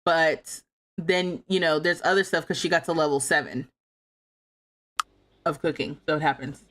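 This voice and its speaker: A woman's voice: deep voice, fairly even intonation, normal speed, fairly bright tone, a little hiss or hum. A young adult woman livestreaming a life sim game, chatting casually, reading chat aloud, laughing and talking back with playful indignation.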